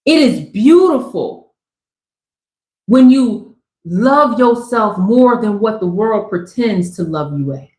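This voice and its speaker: A woman's voice: mid-range voice, lively intonation, slow pace. Slangy, preachy woman tarot reader, echoey room. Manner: loud, slangy, preachy and joking. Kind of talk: live tarot reading. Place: Southern California.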